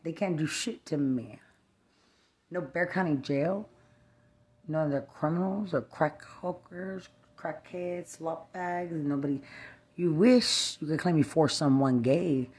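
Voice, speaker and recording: A woman's voice: deep voice, darkish tone. A woman from Texas, delivering a profane, rambling rant, angry and cursing as she jumps from one thought to the next.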